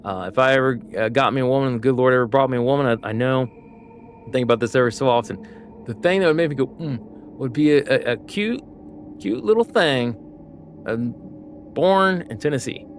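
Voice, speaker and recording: A man's voice: medium pitch, fast, slight background noise. Rambling American man chatting mid-stream. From United States. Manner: rambling, filler-heavy, easygoing. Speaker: gaming streamer. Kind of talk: casual rambling chat while playing.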